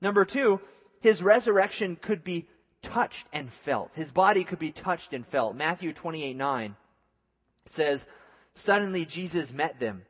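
Pastor, male, a touch high-pitched, relaxed and joking as he preaches, big echoing hall. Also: a little slow, breathy edge. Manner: conversational preaching with jokey asides. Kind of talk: sermon.

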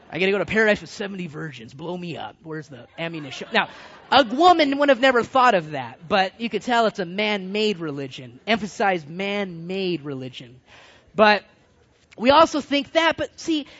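Animated high-voiced male preacher. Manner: animated, rising and dropping between loud and hushed. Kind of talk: sermon. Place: California. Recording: dull lo-fi recording.

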